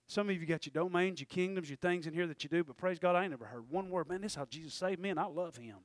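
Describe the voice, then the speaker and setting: Preacher man with a high voice. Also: no room sound, studio quality. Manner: preaching with sudden shouted peaks and quick asides. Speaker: pastor. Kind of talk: sermon. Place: church.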